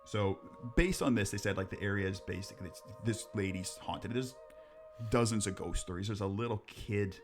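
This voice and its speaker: Low-voiced man telling jokey ghost stories. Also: normal speed, over music. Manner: rambling, jokey, swears, laughs at his own jokes. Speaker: podcast co-host.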